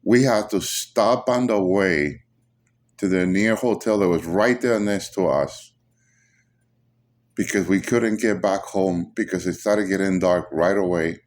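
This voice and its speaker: Halting, urgent man telling a story. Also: low-pitched, fairly even intonation. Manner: halting, repeats words, urgent. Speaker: storyteller recounting a vision. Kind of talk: spoken personal testimony.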